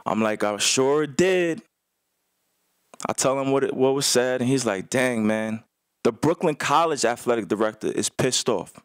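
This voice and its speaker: A man's voice: medium pitch, a little fast, few pauses, no echo, clean studio sound. A man, a former assistant basketball coach, telling a story on a radio show in casual slang, acting out other people's lines.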